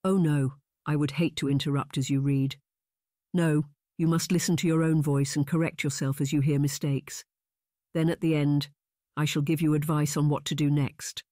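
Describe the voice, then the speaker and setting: A man voicing a proper young aristocrat in an audiobook, speaking in a measured, formal, lecturing way. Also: a little high, flat delivery, mellow, dry recording, clean studio sound, close to an everyday voice. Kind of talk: audiobook narration.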